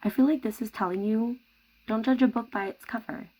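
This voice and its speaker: A woman giving a tarot reading to camera at home, speaking softly and reassuringly. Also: a little high, fairly quick, poor audio. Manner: soft-spoken, gentle and reassuring. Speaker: tarot reader.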